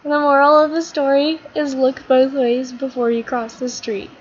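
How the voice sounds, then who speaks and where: A woman's voice: high voice, flat delivery, normal speed. Chatty woman rambling through a story. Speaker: vlogger. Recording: slightly muffled with faint hiss.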